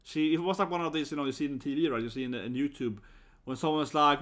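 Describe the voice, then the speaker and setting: A man's voice: fairly high pitch, fast. A man in his thirties from Sweden with a Swedish accent, telling a story in a blunt, casual vlog. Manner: animated, blunt, swears and laughs often. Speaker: vlogger.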